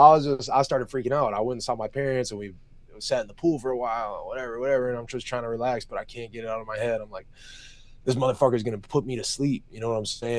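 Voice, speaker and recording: A young man speaking in an even middle register, very dry and close to the mic with no room sound. He tells stories in long, loose runs, swears freely and gets openly emotional. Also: medium pitch, dry recording. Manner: open and emotional, heavy swearing, loose run-on storytelling. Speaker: MMA fighter, interview guest. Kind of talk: candid emotional interview talk.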